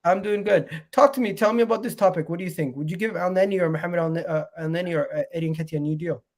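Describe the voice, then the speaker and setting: A man's voice: high-pitched, fast talker, darkish tone. A man hosting a casual football live stream, sounding nasal from a cold and chatting straight to his viewers. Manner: chatty, rambling, addresses viewers directly. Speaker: football channel host.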